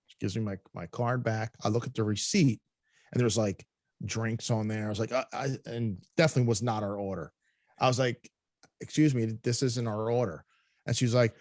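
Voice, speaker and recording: A podcast co-host with a lowish, darkish voice tells a casual story at normal speed on a dry recording. He swears freely, laughs a lot, and acts out the voices of the people in his tale.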